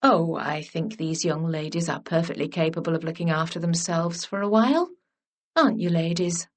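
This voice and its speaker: A woman voicing a charming, teasing male lord in a lowered, unhurried voice. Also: lightly acted.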